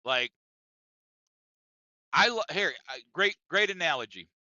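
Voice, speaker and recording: A podcast co-host tells a story casually, profane and emphatic, often circling back and repeating himself. His voice is on the high side, expressive and unhurried with a sharp tone. The audio has no echo but the highs are cut off.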